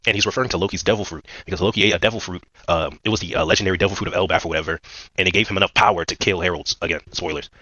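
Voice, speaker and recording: A man's voice: low voice, rapid-fire, bright, forceful tone, dry recording, lo-fi sound. A man giving a casual, rambling recap of a manga chapter, full of fillers and slang. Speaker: manga commentator.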